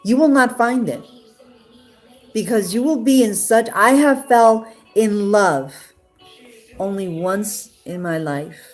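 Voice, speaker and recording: A woman's voice: medium pitch, slow, long pauses, faint music behind. A woman from Queens, New York, telling her love story in a casual, rambling way, full of fillers and restarts and close to tears at times. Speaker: interviewee sharing her love life.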